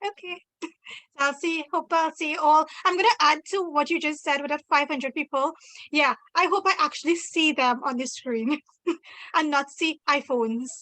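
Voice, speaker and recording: A woman's voice: sits high, normal speed, bright, forceful tone, dry recording, low-quality recording. A woman guest on a video call, giving brief, friendly replies. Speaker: workshop guest.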